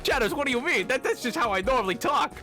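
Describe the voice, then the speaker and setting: A man's voice: very high voice, animated, fast talker, pushed and bright, soft background music. A man streaming a game, chatting casually with his viewers while laughing a lot and stammering over his words. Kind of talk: casual game livestream chat.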